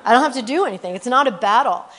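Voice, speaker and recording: An earnest woman with a somewhat high voice gives a conversational sermon about missionary work. She keeps checking in with her listeners through "you know" and "okay?", and she reads scripture verses at a quick clip. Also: animated, fairly bright tone. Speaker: missionary speaker.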